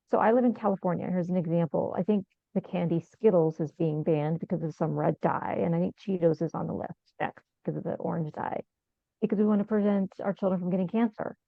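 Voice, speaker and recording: A woman's voice: lowish voice, creaky, no echo. A middle-aged woman speaking earnestly and with animation on a panel, repeating her points. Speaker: panelist, survivor advocate. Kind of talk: casual panel discussion. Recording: tinny, phone-like video call sound, dry.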